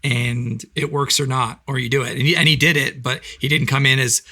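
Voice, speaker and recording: A man co-hosting a casual podcast, talking in a halting way and repeating words as he thinks. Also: medium pitch, fairly even intonation, pushed and bright. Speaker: podcast co-host.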